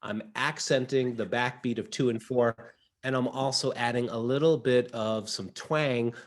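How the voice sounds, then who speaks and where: A man's voice: medium pitch, steady tone, normal speed. Encouraging man teaching ukulele online. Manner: encouraging, coaching, chants rhythms along. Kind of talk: online music lesson. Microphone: video call.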